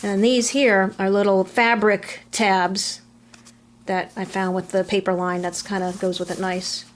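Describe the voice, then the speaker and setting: A middle-aged woman chatting casually through a scrapbook album, relaxed, trailing off between items, recorded on a camera mic at home. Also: mid-range voice, unhurried, slight background noise. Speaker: crafter showing a scrapbook album. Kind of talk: casual show-and-tell narration.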